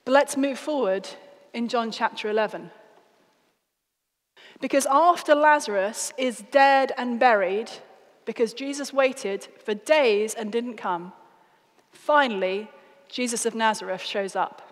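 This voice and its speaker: A woman's voice: fairly high pitch, unhurried. Earnest British woman speaking in a hall. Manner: earnest, expressive storytelling. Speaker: guest speaker. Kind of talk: evangelistic talk. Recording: reverberant hall.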